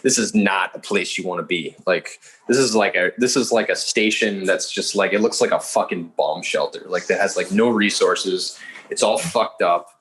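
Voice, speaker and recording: A man's voice: low voice, a bit bright, slight background noise, rough recording. A young man telling a story as a podcast guest, rambling casually with lots of fillers and swearing. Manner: swears freely, fast rambling with many fillers.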